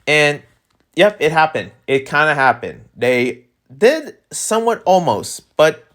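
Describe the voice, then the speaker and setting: Guy ranting on his podcast, rambly and animated, lots of "like" and restarts. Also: on the high side, measured pace. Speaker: podcast host. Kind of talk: casual solo rant.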